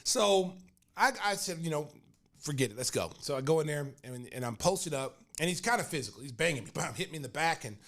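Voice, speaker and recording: A man with a slightly high voice hosts a podcast and tells a story, acting out each person's lines with plenty of energy. He is an older man. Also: expressive, brisk, fairly bright tone. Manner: acts out other people's lines in the story. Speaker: podcast host. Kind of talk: animated storytelling.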